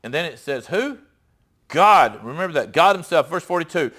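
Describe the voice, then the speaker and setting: Middle-aged guy preaching, slightly high voice, chatty and emphatic, keeps asking the room questions. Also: lively intonation, moderate pace, fairly bright tone. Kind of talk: sermon with Bible reading.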